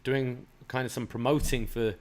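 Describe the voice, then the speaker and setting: A man co-hosts a laid-back wrestling recap chat. He swears freely, and when he plays out a scene his voice jumps loud and high. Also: level tone, normal speed. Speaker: podcast co-host.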